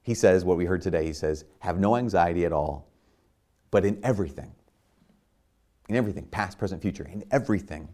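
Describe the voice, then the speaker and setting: A man's voice: lowish voice, a little fast, darkish tone. A man preaching a sermon in an earnest, conversational way, with many fillers and restarts.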